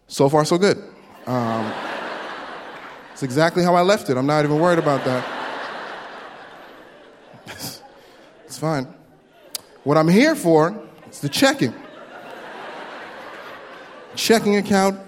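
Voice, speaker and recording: A man doing a stand-up comedy set, telling a story with lively put-on voices. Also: fairly high pitch. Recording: live room with long reverb and faint noise.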